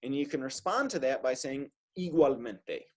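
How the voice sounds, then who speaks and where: A man's voice: mid-range voice, lively intonation, brisk, a bit bright. A man teaching an online Spanish class in a casual, upbeat way, drilling words for his student to repeat. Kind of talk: online language lesson. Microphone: video call.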